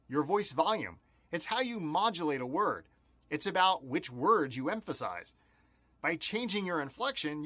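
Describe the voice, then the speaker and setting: A man's voice: fairly high pitch, fairly bright tone, no room sound. A man giving a scripted training lesson as instructor, with an explanatory, emphatic delivery.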